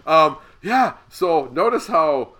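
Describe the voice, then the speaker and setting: A man co-hosting a casual wrestling recap chat, a little sick and nasal, lively and swearing freely. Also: fairly high pitch, slow pace. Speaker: podcast co-host.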